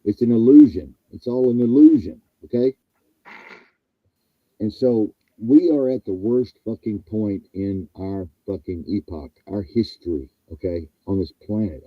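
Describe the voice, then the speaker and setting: A low-voiced, raspy man rants as a talk-show host, hammering each point with angry, profane emphasis. His voice comes through a tinny, muffled phone-like line. The sound is dry, with no room echo. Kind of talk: ranting talk-show monologue.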